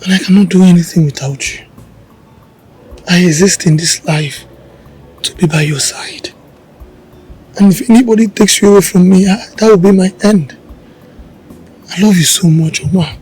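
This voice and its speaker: An anxious young lover, husky voice. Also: male voice, sits high, moderate pace, pauses often, darkish tone, soft background music, low-quality recording. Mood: loving. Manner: worried, pleading. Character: anxious young man deeply in love.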